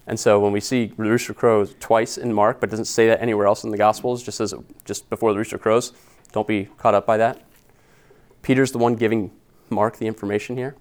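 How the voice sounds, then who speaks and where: A man preaching an expository sermon as pastor, earnest and conversational, retelling scripture in casual everyday words. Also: fairly low pitch. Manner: earnest and conversational, with slangy paraphrase.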